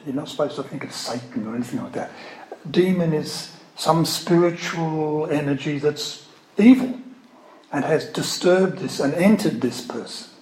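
A man's voice: on the high side, normal speed, a little mellow. A man preaching a sermon in a conversational way, with wry asides and emphatic readings of scripture. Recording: echoey room, faint ambient noise.

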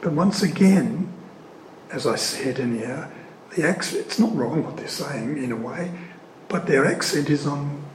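A man giving an earnest, emphatic sermon-style teaching on scripture. He leans hard on key words and pauses often. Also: on the high side, animated, crowd noise. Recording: echoey room.

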